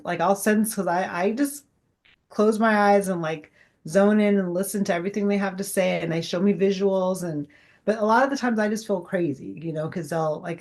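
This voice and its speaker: A woman's voice: on the low side, darkish tone. A woman in her forties, a guest chatting casually in an interview, rambling with many fillers and acting out past conversations.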